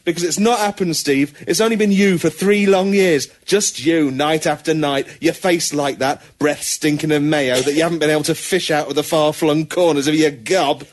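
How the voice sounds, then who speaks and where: A man's voice: a little high, fairly even intonation, normal speed, few pauses, lightly acted. A man voicing a bitter, jilted male bear who rants in a wounded, accusing way.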